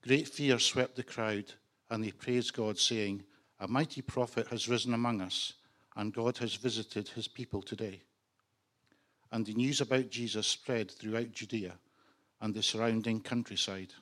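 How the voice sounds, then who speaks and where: A man's voice: fairly low pitch, a little slow. Man reading scripture aloud. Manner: steady read-aloud. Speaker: congregation member reading scripture.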